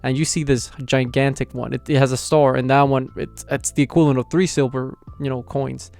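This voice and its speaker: A young man excitedly recapping an anime episode in slangy, casual talk. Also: mid-range voice, fairly quick, gravelly. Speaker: anime reviewer.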